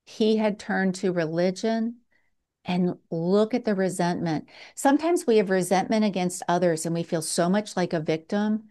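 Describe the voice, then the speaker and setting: A woman preaching a sermon in a slow, earnest way, with dramatic pauses. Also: mid-range voice, warm tone.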